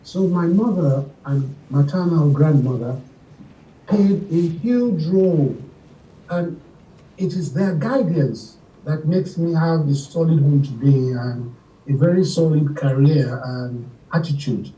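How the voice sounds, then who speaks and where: Middle-aged Nigerian musician guest, animated storyteller, mellow voice, picked up from a distance in a roomy space. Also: male voice, fairly high pitch, slow. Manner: animated, acts out quoted voices, laughs often. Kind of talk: casual storytelling interview.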